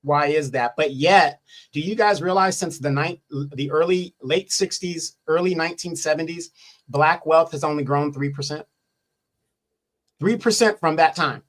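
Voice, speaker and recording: A man's voice: on the high side, normal speed. A man speaking as a guest in a live political discussion, pressing his points with rhetorical questions and frequent restarts.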